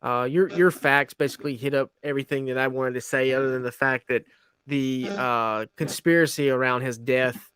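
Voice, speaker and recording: Relaxed male co-host, smooth clear tone, dry close sound, easygoing delivery. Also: medium pitch, normal speed, no room sound. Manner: laid-back, agreeable, hesitant with restarts. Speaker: podcast co-host. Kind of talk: casual podcast chat.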